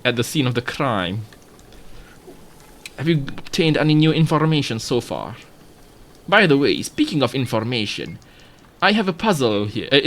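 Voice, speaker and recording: A man's voice: mid-range voice, a bit bright. A man doing a pompous British detective. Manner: formal, mannered speech.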